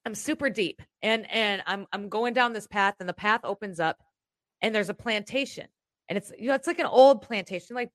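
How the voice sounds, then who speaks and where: A woman telling a rambling, animated story in casual chat as a podcast co-host. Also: mid-range voice, dry recording, studio quality.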